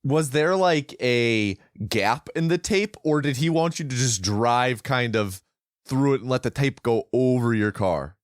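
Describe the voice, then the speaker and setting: A man's voice: medium pitch, a little slow, clear, resonant tone, dry recording, clean studio sound. A man co-hosting a podcast in casual chat, jumping in with playful questions. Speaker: podcast co-host.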